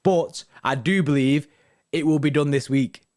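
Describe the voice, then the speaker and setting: A man's voice: on the high side, a little slow, a little mellow. A young man hosting a football fan live stream, chatting casually with viewers, full of slang and tags like "innit" and "you know what I mean".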